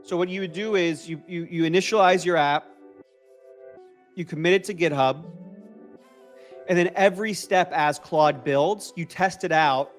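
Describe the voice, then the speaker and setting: A man with a mixed New York and Boston accent hosts a casual coding livestream, his voice sitting a little high. He sounds upbeat and loose, repeating phrases and answering viewers. Faint lo-fi music plays behind him. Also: moderate pace, long pauses. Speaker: livestream host.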